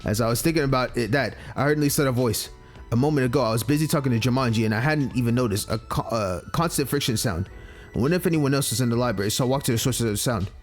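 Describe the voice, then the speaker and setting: A man's voice: medium pitch, fast, soft background music. A man reading a visual novel aloud and reacting casually, with frequent swearing. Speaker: let's play gamer.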